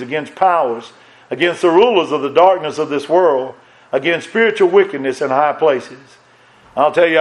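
A man's voice: fairly high pitch, poor audio. A middle-aged man preaching a sermon as pastor, earnest, repeating phrases and quoting scripture in old wording.

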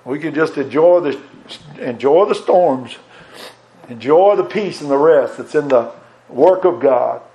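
A man preaching a sermon in a folksy way, reading scripture aloud and swinging between loud emphasis and soft asides. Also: on the high side, expressive, unhurried.

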